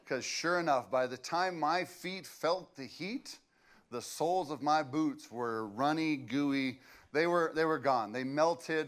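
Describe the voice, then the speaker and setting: A man's voice: on the high side, takes it slowly, fairly bright tone. A man, preaching a sermon as a pastor and telling stories in a loose, conversational way with fillers.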